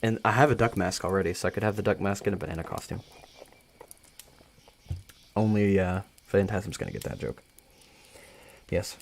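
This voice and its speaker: A man hosting a live reading, excitable and chatty, often breaking into giggles between narrating. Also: low voice, moderate pace, gravelly, pauses often, a little hiss or hum. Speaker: host reading a story aloud. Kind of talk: live casual reading with chat.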